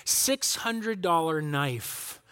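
A man's voice: a little high, expressive, very slow, sharp tone, clear, resonant tone. A middle-aged man preaching a casual, joking Christmas sermon to his congregation, acting out people's reactions. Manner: chatty, joking, acts out reactions. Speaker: pastor.

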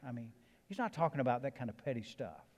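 A man's voice: medium pitch, big pitch swings, fast, in a large hall. A man with a Southern accent, a pastor preaching a sermon with emphatic builds and casual conversational asides. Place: church sanctuary.

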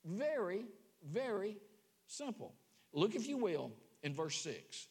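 A man preaching a sermon in a church, animated and throwing rhetorical questions to the congregation. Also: sits high, takes it slowly. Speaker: pastor. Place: church sanctuary. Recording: long church hall reverb.

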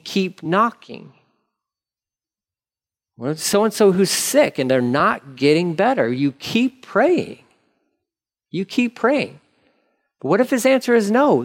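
A man preaching a sermon in a candid, conversational way, acting out prayers as he talks. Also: fairly high pitch. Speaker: pastor.

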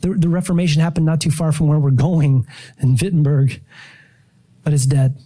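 A middle-aged man preaching a testimony from the pulpit, his voice mellow and relaxed. He tells his story with animated storytelling, acting out his own prayers and surprise. He sits a little higher in pitch than most men. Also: fairly quick. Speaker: pastor. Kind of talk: sermon testimony.

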